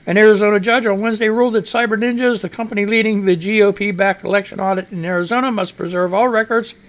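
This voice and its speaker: A man's voice: sits high, steady tone, fast. A middle-aged American man hosting a live radio news show, rambling and profane, talking back to himself as he reads the news. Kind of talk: casual live-stream news commentary.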